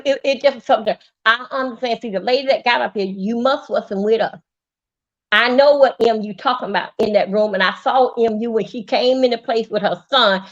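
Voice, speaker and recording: A woman with a high voice hosts a live stream and launches into a heated rant, swearing and returning again and again to the same grievance. Her anger builds as the story goes on, and the audio is muffled and lo-fi like a typical stream.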